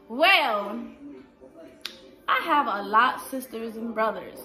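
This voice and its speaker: Vlogger wanita muda bersuara cerah. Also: female voice, fairly high pitch, bright, forceful tone. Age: 20s. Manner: chatty, fills with "like" and "um". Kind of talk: casual Q&A vlog. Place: indoors at home.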